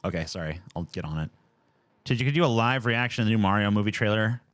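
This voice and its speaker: A man's voice: fairly low pitch, fast talker, dry recording. A man streaming live from home, chatting casually and ranting with lots of swearing. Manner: animated, profane, ranting.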